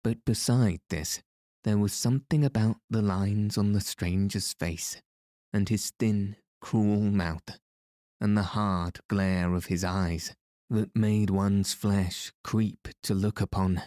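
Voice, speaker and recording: A man narrating a storybook tale in a measured, even storytelling manner. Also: on the low side, no echo, studio quality.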